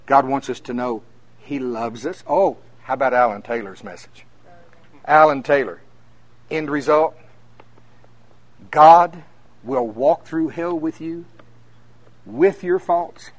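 A minister preaching at a conference, telling folksy stories that climb to emphatic peaks. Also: male voice, medium pitch, takes it slowly, long pauses, no room sound. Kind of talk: conference sermon.

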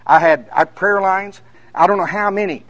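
A minister preaching at a conference, telling folksy stories that climb to emphatic peaks. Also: male voice, high voice, moderate pace, fairly bright tone, no room sound. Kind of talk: conference sermon.

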